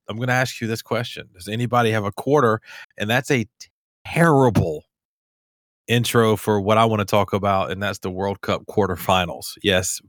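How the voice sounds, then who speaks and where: A man's voice: fairly low pitch, a bit bright, no room sound, studio quality. A man hosting a podcast, chatting casually, rambling and laughing easily. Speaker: podcast host. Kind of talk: casual chat.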